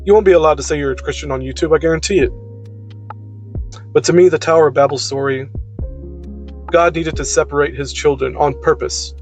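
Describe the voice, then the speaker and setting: A man with a slightly high-pitched voice talks off the cuff, blunt and emphatic, with plenty of profanity. Faint music plays quietly underneath him. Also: fairly even intonation, brisk, pauses often, rough recording. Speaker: video creator. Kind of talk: unscripted personal monologue.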